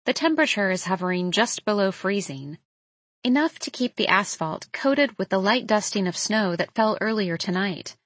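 A young woman narrates a first-person novel in a measured, intimate voice. Her pitch sits in the middle range. The recording is close-miked and dry, with no room around her. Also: expressive, a bit bright, no room sound. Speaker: audiobook narrator.

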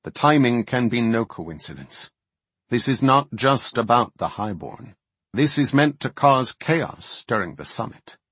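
A man's voice: mid-range voice, animated, measured pace, fairly bright tone, slightly rough, no echo, voice pushed up. A man voicing a stern, commanding elf archdruid. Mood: urgent. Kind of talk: audiobook character voice.

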